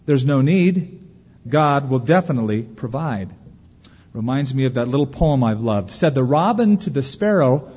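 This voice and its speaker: A man preaching a sermon as pastor, lively, acting out the anxious voices of worriers. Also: a little high, slightly rough. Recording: dull lo-fi recording with long hall reverb.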